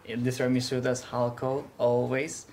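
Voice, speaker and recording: Gravelly Italian man chatting. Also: medium pitch, flat delivery, a little fast, darkish tone, a little hiss or hum. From Italy. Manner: chatty, laughs easily, many fillers. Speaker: guest, small business owner. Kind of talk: casual interview chat.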